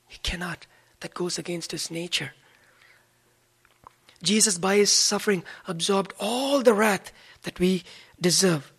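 In a husky, slightly breathy mid-range voice, a preacher moves through a sermon at a measured pace, pausing often. The delivery is earnest, with chapter-and-verse scripture citations and repeated key phrases for emphasis.

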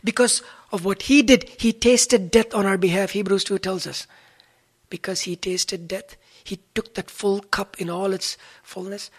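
A preacher gives a sermon in a husky, slightly breathy voice of medium pitch, speaking unhurriedly with fairly even intonation. He is earnest, citing scripture by chapter and verse and repeating key phrases for emphasis.

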